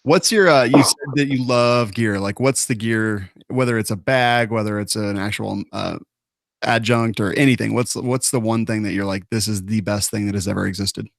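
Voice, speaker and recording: A male podcast co-host who asks a guest a question in a halting, searching way. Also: lowish voice, creaky, no echo, clean studio sound. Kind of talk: casual podcast interview.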